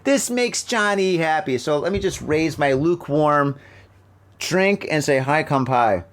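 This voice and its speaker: A middle-aged American man hosting a casual news chat from home, rambling and joking as he reads stories haltingly. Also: fairly high pitch, a bit bright. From United States. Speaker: podcast host. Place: home room with a fan running. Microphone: laptop mic.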